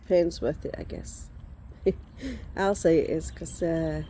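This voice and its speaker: Slow-talking, mellow-voiced woman in her forties. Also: sits low, slight background noise. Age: 40s. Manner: rambling, chatty, breaks off to shoo insects. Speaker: vlogger showing reborn dolls. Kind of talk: casual chat. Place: outdoors in the sun.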